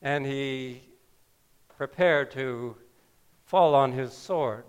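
A man preaching a sermon, telling a scripture story slowly with wry asides. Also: mid-range voice, clear, resonant tone, lo-fi sound. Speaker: pastor.

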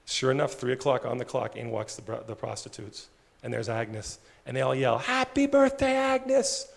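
A male pastor preaching a sermon with animated storytelling, dropping his voice low for emphasis. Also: moderate pace, vocal fry, long reverb tail.

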